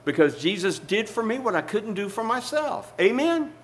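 A man's voice: sits high, animated, normal speed, fairly bright tone, slight background noise, poor audio. A man preaching a sermon as a pastor, emphatic and storytelling, calling out to the congregation.

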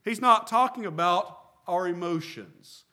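A man's voice: high-pitched, measured pace, sharp tone. A middle-aged man preaching a sermon as a pastor, asking rhetorical questions and repeating phrases for emphasis.

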